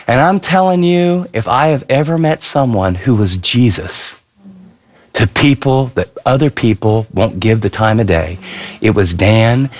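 A man preaching a sermon, telling stories with animated asides and repeated phrases. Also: medium pitch, measured pace. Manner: animated storytelling, repetitive asides. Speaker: pastor.

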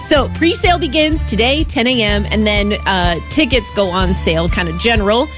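A woman's voice: medium pitch, expressive, moderate pace, music in the background. A woman radio host chatting upbeat through an event announcement on a morning show. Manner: upbeat, chatty promo delivery. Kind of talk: morning radio promo chat.

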